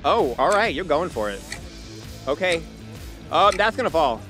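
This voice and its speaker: A man hosts a street game show out on a boardwalk, his voice high and bouncing all over the place. He teases and banters in a playful, sassy way. Music plays underneath. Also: big pitch swings, normal speed. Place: outdoors on a busy boardwalk.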